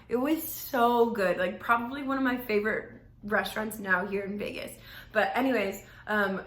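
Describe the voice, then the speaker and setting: A woman's voice: mid-range voice, a bit bright. A young woman hosting a podcast, telling a story in a rambling, chatty way and saying "like" a lot. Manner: chatty, rambling, heavy use of "like". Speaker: podcast host. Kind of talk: casual storytelling. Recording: roomy echo.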